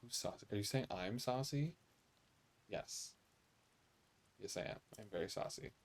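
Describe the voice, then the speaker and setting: An American man chats sassily with viewers while playing a video game on stream, reading the dialogue out loud as he goes. He has a low voice and an unhurried delivery.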